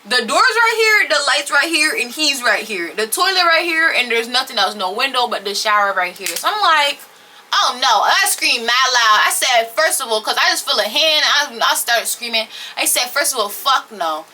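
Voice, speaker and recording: A young woman telling a story in a casual, blunt and profane way, animated as she retells what happened. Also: high voice, normal speed, few pauses, a little hiss or hum. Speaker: storytelling vlogger.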